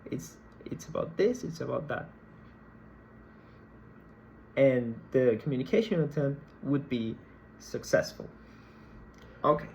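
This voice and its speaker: A male lecturer explaining a concept in a recorded class, speaking in a slow, measured way and often repeating himself mid-sentence. His pitch sits in an ordinary middle range. Faint ambient noise hums behind him. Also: poor audio. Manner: slow, deliberate, repeats words while explaining. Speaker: university lecturer.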